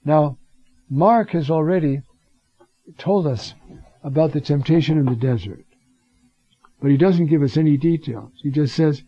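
Man preaching bible study, fairly high voice, mellow tone, dry close sound. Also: slightly rough, no room sound. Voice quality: reads Greek phrases aloud and acts out quoted voices. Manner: unhurried, conversational, with many fillers and restarts. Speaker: preacher teaching scripture. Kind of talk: bible teaching talk. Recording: dull lo-fi recording.

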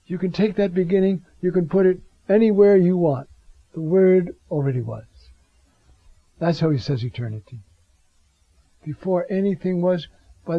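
A man teaching scripture in a reflective way, with frequent rhetorical asides and drawn-out readings of Greek phrases. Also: high-pitched, dry recording. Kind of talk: bible teaching talk. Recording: dull lo-fi sound.

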